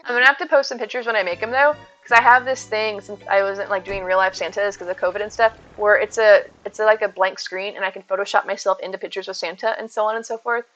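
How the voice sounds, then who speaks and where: A woman's voice: mid-range voice, steady tone, fast talker, hardly any pauses, a bit bright. A woman live-streaming from home, chatting casually and upbeat with her viewers and thanking them as she plays. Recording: dull lo-fi stream audio.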